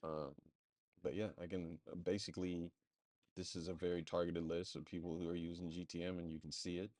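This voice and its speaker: Deep mellow guy rambling thru a screen share, lots of ums, dry close sound. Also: little pitch movement, brisk, dry recording. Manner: thinks aloud, loose and rambling, many fillers. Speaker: marketing agency presenter. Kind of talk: casual screen-share walkthrough.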